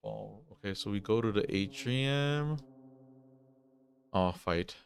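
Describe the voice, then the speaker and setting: A man's voice: fairly low pitch, expressive, takes it slowly, gravelly, slight background noise. A man reading a text adventure game aloud, breaking off for casual asides. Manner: casual asides between read passages. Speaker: gaming channel host.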